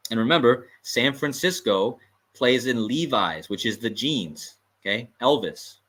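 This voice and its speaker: A man hosts a livestream, giving commentary in a mid-range, sharp-toned voice. He talks emphatically, repeats his points and throws in amused asides.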